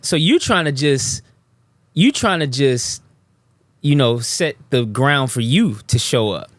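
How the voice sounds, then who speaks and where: A man hosting a casual chat show, animated and laughing often, acting out quoted lines in a high voice. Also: takes it slowly, no room sound. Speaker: host.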